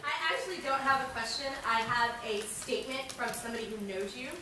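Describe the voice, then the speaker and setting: A woman's voice: on the high side, quick pace. A woman in a panel audience speaking up with a teasing, chatty message for the guest. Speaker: fan asking a question. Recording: echoey hall, distant, loud crowd noise.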